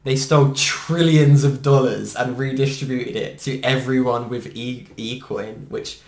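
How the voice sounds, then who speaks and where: A man talks casually as a podcast co-host, upbeat and quick to laugh. His voice sits at an ordinary middle pitch. The room around him rings with noticeable echo. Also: fairly even intonation, darkish tone. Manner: chatty, enthusiastic, laughs often. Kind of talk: casual chat. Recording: echoey room.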